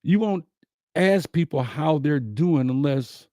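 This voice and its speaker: Slow, emphatic man. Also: fairly high pitch, lively intonation, mellow, dry recording, clean studio sound. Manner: slow, emphatic, repeats key lines. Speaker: host. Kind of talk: inspirational talk to a live audience.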